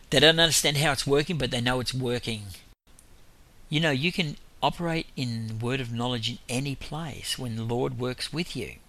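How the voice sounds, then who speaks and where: A man's voice: mid-range voice, sharp tone. A man preaching in an informal testimony style, telling rambling stories with frequent chuckles.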